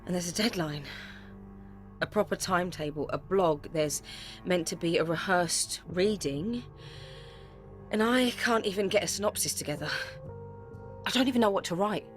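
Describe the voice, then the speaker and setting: An actress voicing a young woman narrator, raw and confessional, in a radio play. Her voice sits fairly low in pitch, over faint music. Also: normal speed, close to an everyday voice. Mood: weary. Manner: intense, breathless, confessional. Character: young woman playwright, anxious, grieving and bitter. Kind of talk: dramatic first-person narration.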